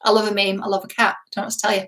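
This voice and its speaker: A woman's voice: medium pitch, little pitch movement, very fast, a bit bright, rough recording. A woman love coach talking casually to camera in a chatty, affectionate, playful way.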